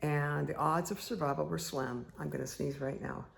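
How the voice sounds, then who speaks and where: Woman meditation host, heavy vocal fry, chatty storyteller who rambles with lots of fillers. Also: deep voice, fairly even intonation, normal speed. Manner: rambling, many fillers and asides. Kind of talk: casual personal storytelling.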